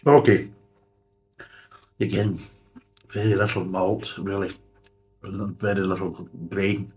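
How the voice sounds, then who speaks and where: A man's voice: low voice, little pitch movement, slow, darkish tone, faint music behind. A man, reviewing a beer in a blunt, sarcastic way and swearing freely. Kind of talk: casual spoken review.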